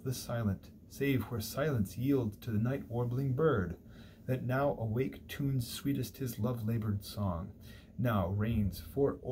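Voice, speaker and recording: A man voicing a seductive male tempter who flatters a sleeping woman in a coaxing way, read aloud in a lecture. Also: medium pitch, a little hiss or hum, close to an everyday voice.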